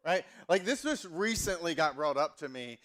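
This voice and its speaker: A man's voice: fairly high pitch, lively intonation, moderate pace, fairly bright tone. Chatty man in his forties preaching. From Southern US. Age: 40s. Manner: casual, chatty, self-mocking with many fillers. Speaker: pastor. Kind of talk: sermon.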